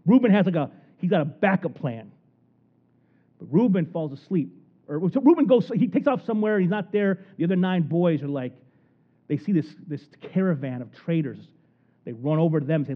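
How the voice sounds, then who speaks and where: A man preaching a sermon in an animated storytelling manner, acting out the people in the story. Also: high voice, a little fast. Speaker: pastor. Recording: tinny phone-like recording.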